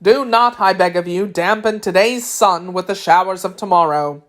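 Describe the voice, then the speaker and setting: A woman voicing a kindly, dignified tin man emperor in a storybook reading, with warm, courtly speech. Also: medium pitch, moderate pace, close to an everyday voice.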